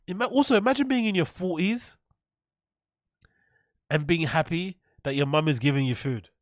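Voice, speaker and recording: A man's voice: a little high, normal speed, no echo, clean studio sound. A man hosting a reaction show, ranting in mocking, incredulous, sweary bursts. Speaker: host. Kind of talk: reaction commentary.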